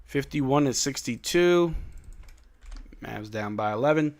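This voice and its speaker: A man with a medium-pitched, creaky, fairly bright voice speaks expressively and fairly quickly while hosting a live stream watch-along. Laid-back and yawning with drowsiness, he gives slangy play-by-play and reads chat questions aloud.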